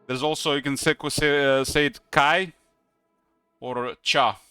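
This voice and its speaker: A man from Croatia, speaking English as a second language with a Croatian accent, rambles casually with lots of hesitant fillers while gaming on a live stream. He speaks at normal speed in a mid-range voice, flat in delivery yet pushed and bright. There's faint music behind him.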